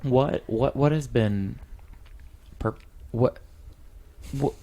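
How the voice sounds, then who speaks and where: A man's voice: mid-range voice, drawn-out words, mellow. A man hosting a podcast in casual chat, rambling, restarting his sentences and swearing loosely. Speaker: podcast host.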